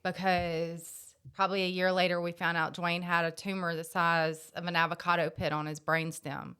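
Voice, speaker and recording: A woman's voice: on the low side, flat delivery, moderate pace, sharp tone, clean tone. A woman on a podcast giving an emphatic, bold testimony. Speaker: podcast guest. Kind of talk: testimony in casual chat.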